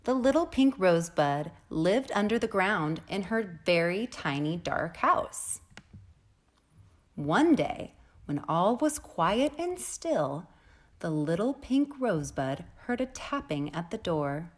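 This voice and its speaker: Here a female preschool teacher takes her time with a storybook for little children. Her tender, animated reading swings through a bright range of pitch, dropping to a whisper-soft hush whenever a sound effect comes up.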